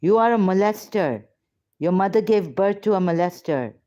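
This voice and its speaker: A woman's voice: mid-range voice, lively intonation, moderate pace, warm tone. A woman arguing heatedly on a call, confrontational and accusatory. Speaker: ex-Muslim debater on a call. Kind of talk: heated argument.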